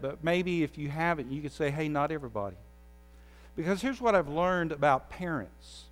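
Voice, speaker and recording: A man's voice: a little high, long reverb tail. A man preaching a conversational sermon as the pastor. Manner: conversational preaching, pleading with the audience.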